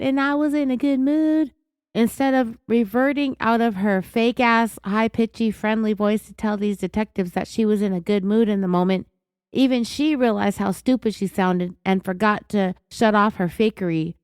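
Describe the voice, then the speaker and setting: A woman's voice: mid-range voice, clear, resonant tone, no echo. A woman hosting a true-crime podcast, talking in a sarcastic, indignant and blunt way. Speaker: podcast host.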